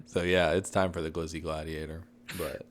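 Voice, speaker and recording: A man in his thirties co-hosting a casual podcast, rambling and loud, his voice fading in and out. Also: rumbling low, level tone, normal speed. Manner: rambling, loud, says he is yelling and redlining. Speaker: podcast co-host. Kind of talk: casual chat.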